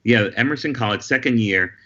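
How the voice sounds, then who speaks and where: A man, a guest comedian, telling lively anecdotes in casual conversation over a video call. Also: mid-range voice, lo-fi sound. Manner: lively anecdotal storyteller, quick asides. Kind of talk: casual storytelling chat.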